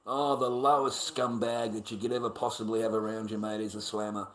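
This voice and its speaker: A man's voice: fairly low pitch, level tone, a little fast. Blunt, profane Australian man. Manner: blunt, profane, rambling with frequent restarts. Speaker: livestreamer. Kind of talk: casual livestream rant.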